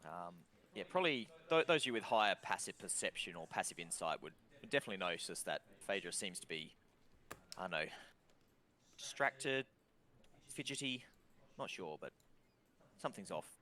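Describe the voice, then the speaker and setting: Aussie gm guy narrating, lots of ums, low voice that moves around a lot. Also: moderate pace, pauses often. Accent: Australian. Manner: lots of ums, relaxed and descriptive. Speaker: game master. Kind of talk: narrating a tabletop game.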